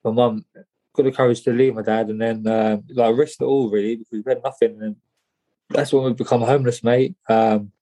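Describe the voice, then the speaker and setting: A man telling a personal story in an interview, halting and repeating words, often saying "mate". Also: medium pitch, fairly even intonation, mellow. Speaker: guest.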